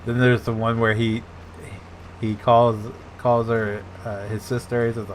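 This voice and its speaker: A man's voice: medium pitch, little pitch movement, unhurried, a little hiss or hum. A man chatting casually during a gaming stream, telling loose stories and laughing along with his friend. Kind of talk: casual chat while gaming.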